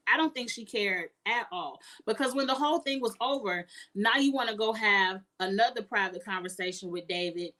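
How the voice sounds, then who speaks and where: A woman's voice: mid-range voice, moderate pace, bright, forceful tone. A woman giving outspoken, emphatic casual commentary as a reality TV reviewer.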